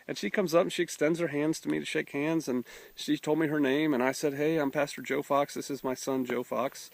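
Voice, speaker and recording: A man's voice: on the high side, normal speed, creaky, dry recording. A middle-aged man, a pastor telling a folksy story and acting out the voices of the people in it. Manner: folksy, drawling, acts out voices in his story. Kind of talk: storytelling testimony.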